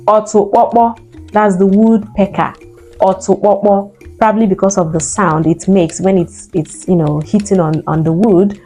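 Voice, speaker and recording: A woman, an Igbo speaker, teaching vocabulary and slowly repeating each word for learners to copy. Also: medium pitch, fairly even intonation, dark tone, soft background music. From Nigeria. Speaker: language teacher. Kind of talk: vocabulary lesson.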